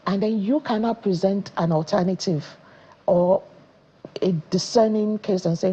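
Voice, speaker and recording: A Nigerian woman in her thirties, a parenting educator on a studio talk show, tells stories with animation and acts out the lines she quotes. Her voice is husky and medium-pitched at a moderate pace, and the audio is dull.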